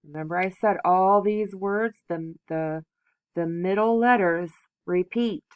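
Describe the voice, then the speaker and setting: Woman teacher, slow and patient, sounding out words for kids, dry close sound. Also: fairly low pitch, no echo. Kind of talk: phonics lesson for young children.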